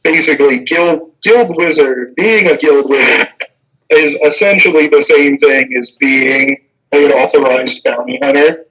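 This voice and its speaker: A man's voice: fairly high pitch, measured pace, bright, forceful tone, breathy edge, poor audio. A young man narrating a tabletop game as game master, casual and hesitant, full of fillers.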